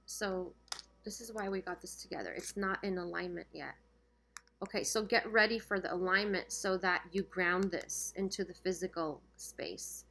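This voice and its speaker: A woman's voice: on the low side, normal speed, pushed and bright. A woman giving a casual spiritual tarot reading to her viewers, talking chattily and checking in often, her voice getting worn. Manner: chatty, keeps checking in with "okay?". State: losing her voice. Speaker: tarot reader.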